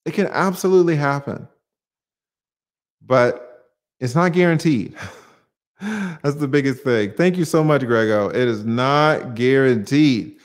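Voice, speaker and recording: Male stream host, high pitched, punchy rhetorical delivery, reads and answers chat. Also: expressive, measured pace, pauses often. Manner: emphatic, rhetorical questions, casual swearing. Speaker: channel host answering viewer comments. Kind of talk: livestream commentary.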